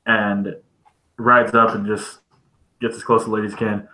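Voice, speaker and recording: A man's voice: lowish voice, little pitch movement, moderate pace, bright, forceful tone, reverberant, rough recording. A man describing his character's actions as a player in a tabletop role-playing game.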